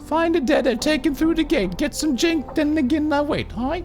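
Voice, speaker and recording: A man's voice: very high-pitched, moderate pace, a little mellow, soft background music, pitched above the performer's own voice. A man voicing a hunched, rash-covered undead creature who talks like a ten-year-old girl, using broken grammar and ending lines with "hi". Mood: odd, childlike.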